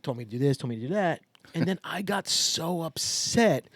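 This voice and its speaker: A man's voice: on the high side, no echo. A man co-hosting a podcast, telling stories in casual chat and getting worked up about things. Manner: animated storyteller, quick to get worked up. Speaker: podcast co-host.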